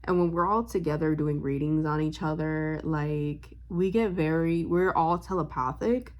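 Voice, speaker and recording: A woman's voice: low voice, moderate pace, darkish tone. Rambling young woman, chatty vlogger. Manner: rambling, heavy on fillers, loses her train of thought; emotional and upbeat, smiling while talking. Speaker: vlogger and spiritual reader. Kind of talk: casual storytime chat.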